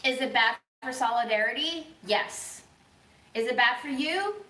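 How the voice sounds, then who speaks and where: A woman vlogger giving an earnest, thoughtful monologue, speaking slowly with frequent pauses and ums. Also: on the high side, bright, forceful tone, echoey room, slight background noise, low-quality recording. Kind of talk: reflective monologue.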